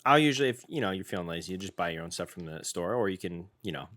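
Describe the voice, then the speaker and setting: A man co-hosting a casual food-tasting podcast, jokey and animated, with loud bursts of excitement. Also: low voice, very fast. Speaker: podcast co-host.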